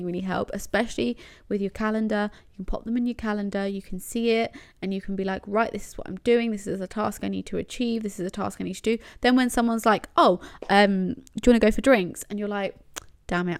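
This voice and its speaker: A woman's voice: medium pitch, clean tone. A young woman chatting casually through organising tips in a rambling, self-deprecating way. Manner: rambling, self-deprecating, full of fillers like "do you know what I mean". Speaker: lifestyle vlogger. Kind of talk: casual chatty advice vlog.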